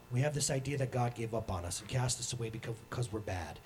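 A man in his thirties preaching a sermon as pastor, animated and acting out the voices he quotes. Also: medium pitch, brisk, a little hiss or hum.

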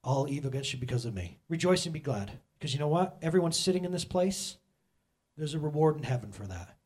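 A middle-aged male pastor telling a personal story in a sermon to his church, animated and self-mocking, often laughing. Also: fairly high pitch, fast talker, breathy edge.

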